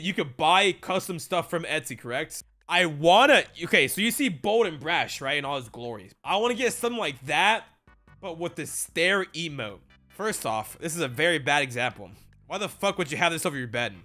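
Young male streamer, crude and shouty, high lively voice, bright edge, light music underneath. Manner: crude, loud, laughing, bursts into shouts. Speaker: streamer and vlogger. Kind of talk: casual vlog chat to stream chat.

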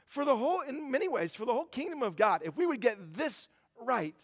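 A man's voice: very high-pitched, lively intonation, a little fast, long reverb tail. A man preaching a sermon as pastor, conversational and self-deprecating, with lots of fillers and restarts. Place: church sanctuary.

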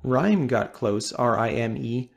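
A podcast co-host chatting casually, telling personal stories in an earnest, plain way with some fillers. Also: male voice, medium pitch, expressive, slow pace, vocal fry.

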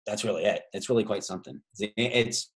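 His voice is fairly low and a little fast as this Canadian trivia host and tour guide runs a travel quiz by video call. He meanders through side anecdotes, sprinkling in many fillers.

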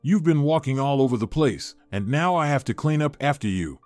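A man's voice: medium pitch, expressive, a little fast, darkish tone, no room sound, soft background music, close to an everyday voice. A man voicing an irritated female janitor who grumbles at passers-by in a narrated story.

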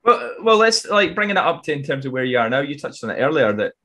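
A man hosts a podcast interview in a relaxed, chatty way. He often stumbles and repeats words before asking his question, his voice sitting at a middling pitch. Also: rapid-fire. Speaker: podcast host.

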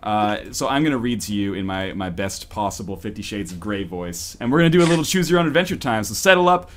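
A man with a fairly low voice talks fast over a slight hiss or hum, with faint rock music behind him. He hosts a casual voice-call podcast, joking around and reading a visual novel aloud in a mock-dramatic style. He's animated and swears often.

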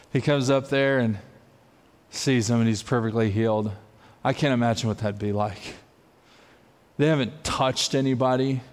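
A man preaching a sermon as pastor, telling a story with lively acted-out voices and laughter. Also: medium pitch, clean tone, long reverb tail. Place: church sanctuary.

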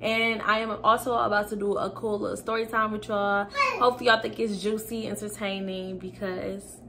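A woman's voice: medium pitch, level tone, moderate pace, background noise. A young woman vlogger chatting casually to viewers while cooking in her home kitchen, telling a story and laughing often.

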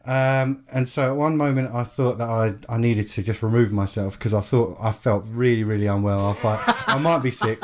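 A man's voice: medium pitch, steady tone, normal speed, few pauses, a crowd in the background. A man from England, co-host of a tabletop podcast, telling a rambling story in casual chat and swearing freely.

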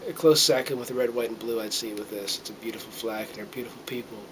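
Speaking quickly in a lowish, steady voice over some background noise, a middle-aged American vlogger talks to a handheld camera. His monologue is casual and earnest, rambling with lots of fillers and restarts, and he gets a little choked up.

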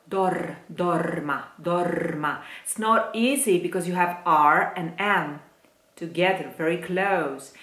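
Woman singing teacher, slow careful diction demos, lowish voice, roomy echo. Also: a bit bright. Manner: slow, careful, demonstrating words aloud. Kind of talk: diction lesson for singers. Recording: echoey room.

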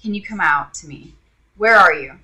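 A woman's voice: fairly low pitch, animated, normal speed, bright, forceful tone. A woman vlogger telling an exasperated, sarcastic story to her viewers in a casual rant. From Indiana.

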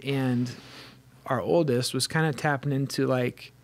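A man's voice: mid-range voice, fairly even intonation, a little slow. A man in his thirties co-hosting a casual faith podcast, an eager storyteller who goes off on tangents. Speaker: co-host.

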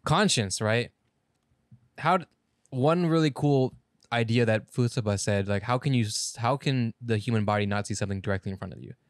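A man's voice: mid-range voice, moderate pace, no echo, studio quality. A man co-hosting a podcast in casual chat, rambling through an anime plot, correcting himself and swearing casually. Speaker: podcast co-host.

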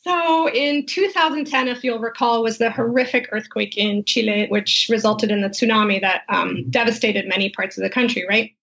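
A woman's voice: on the high side, normal speed, vocal fry, few pauses. A woman guest on a podcast, telling an anecdote with lots of laughter and acting out quoted lines. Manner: animated storyteller, laughs often, acts out quoted lines. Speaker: guest, wine tasting business founder. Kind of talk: casual storytelling interview. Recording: muffled lo-fi podcast audio.

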